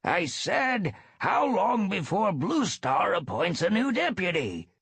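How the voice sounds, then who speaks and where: A man voicing an impatient, gossipy old tom cat elder, pitched a little above his own voice. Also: very animated, unhurried, husky, dry recording, full character voice. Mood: testy. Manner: testy and gossipy.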